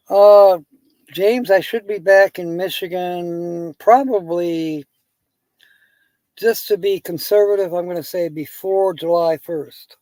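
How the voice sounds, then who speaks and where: A man's voice: high-pitched, a little mellow, no room sound. A man hosting a live stream, rambling through casual chat and telling jokes while chuckling at them.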